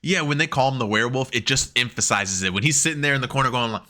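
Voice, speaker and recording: A man co-hosts a casual wrestling podcast, talking into a headset. His voice is very bright and cutting at a middle pitch. He swears freely, laughs a lot and jumps up in pitch whenever he acts out what someone said. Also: fast talker. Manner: animated, swearing, laughing often, acting out quotes in a higher voice. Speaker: podcast co-host. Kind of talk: casual chat.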